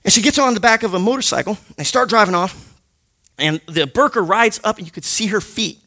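A man teaching a Bible study group in an animated, jokey way, punctuating points with loud sound effects. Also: high-pitched, a little fast. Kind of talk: lively teaching talk to a group.

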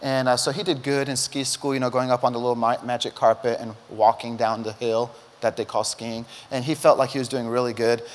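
Speaking briskly with hardly any pauses, a middle-aged male pastor with a medium-pitched voice delivers a sermon full of lively stories and acted-out quotes. The church auditorium gives the sound a long, hall-like reverb.

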